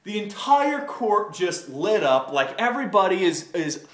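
A man's voice: high-pitched, very animated, unhurried, fairly bright tone. Rambling man in an echoey room. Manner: rambling, heavy on filler words. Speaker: host. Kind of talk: casual storytelling to camera.

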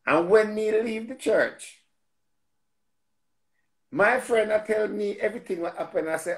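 A man with a Jamaican accent telling a story in a casual, animated way, repeating words and swearing freely. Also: high-pitched, measured pace, long pauses, roomy sound.

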